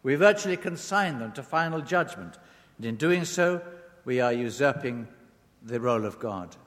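A man's voice: mid-range voice, expressive, normal speed, a bit bright. A man preaching a sermon, leaning on words with rising and falling emphasis. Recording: long reverb of a large hall.

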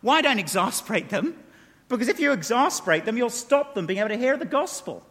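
A high, bright-voiced man preaches a sermon with emphasis, tossing out rhetorical questions. His voice rings with the long reverb of a large hall. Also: very animated, a little fast. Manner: emphatic, rhetorical questions, reads quotes aloud.

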